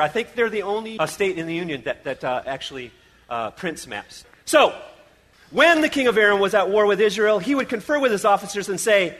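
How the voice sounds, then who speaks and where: Animated joking man telling a Bible story. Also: high voice, fairly quick. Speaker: children's church presenter. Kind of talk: comic Bible story skit.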